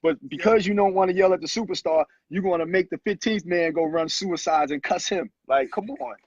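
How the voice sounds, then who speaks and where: A man in his thirties, a former pro basketball player and guest, telling animated stories in casual talk and acting out quotes. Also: high voice, a little fast, no room sound. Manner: animated storyteller who acts out quotes. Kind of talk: casual storytelling interview. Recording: muffled lo-fi audio, husky.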